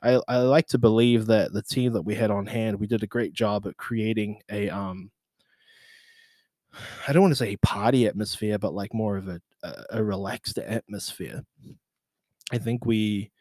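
Man telling event stories, slangy and lively, dry close sound. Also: dry recording. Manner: animated, laughing, acts out quotes with big pitch jumps; slangy, swears casually. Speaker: social media marketing manager. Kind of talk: casual storytelling recap.

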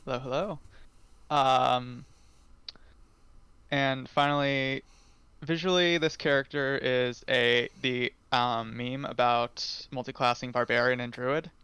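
A man playing a tabletop game, casually introducing his character with hesitant pauses and fillers. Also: mid-range voice, steady tone, pushed and bright, smooth, no echo. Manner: hesitant, many fillers, laughs.

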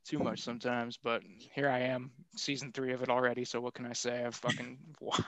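A man's voice: medium pitch, flat delivery, brisk, a bit bright, no echo. A man co-hosting a podcast in crude, rambling casual chat, swearing often. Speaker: podcast co-host.

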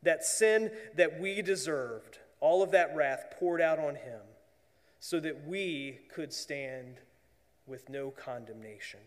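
A man preaching a sermon as pastor, earnest, often dropping to a hushed voice for emphasis. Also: on the high side, slow pace, big-room sound.

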